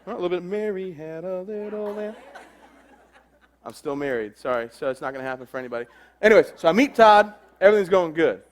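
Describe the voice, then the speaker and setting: A man's voice: fairly high pitch, animated, very fast. A man in his twenties giving a humorous motivational speech, telling a story and acting out the dialogue. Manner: joking storyteller, acts out quoted dialogue. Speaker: motivational speaker.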